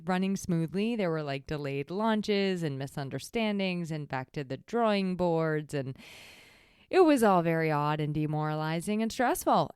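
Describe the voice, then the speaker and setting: A woman's voice: lowish voice, darkish tone, smooth, no room sound. A woman hosting her own podcast, talking candidly and chattily, often close to tears. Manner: candid, chatty, heavy use of "like". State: teary, voice close to crying. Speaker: podcast host. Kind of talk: solo podcast monologue.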